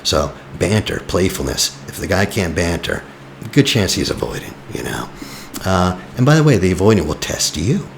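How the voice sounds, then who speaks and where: A man's voice: deep voice, big pitch swings, moderate pace, creaky, a little hiss or hum. A man talking as a relationship coach in casual, blunt advice, often tossing in "you know". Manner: blunt and teasing. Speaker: attachment coach.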